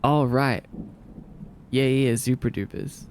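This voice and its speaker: Gravelly Australian man streaming. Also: mid-range voice, lively intonation, normal speed, darkish tone, a little hiss or hum. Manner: laid-back, laughs often, repeats words aloud. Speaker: livestreamer. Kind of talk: casual chat reading viewer comments.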